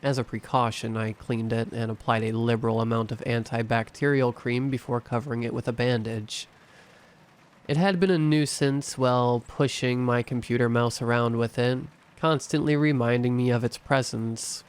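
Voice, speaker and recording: A man narrating a horror story in a steady, measured reading. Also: mid-range voice, clear, resonant tone.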